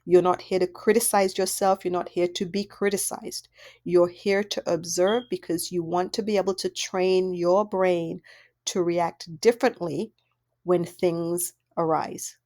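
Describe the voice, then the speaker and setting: A woman with a fairly low-pitched voice coaches parents through an audio workbook. She talks conversationally and keeps posing rhetorical questions to her listeners. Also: fairly even intonation, unhurried, mellow. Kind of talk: instructional audio workbook talk.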